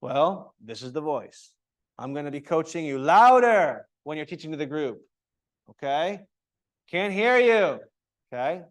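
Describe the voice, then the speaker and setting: A man with a higher-pitched voice leads a yoga teacher training at a normal pace, addressing students in a room with echo. He's animated, acting out different tones of voice and putting questions to the group.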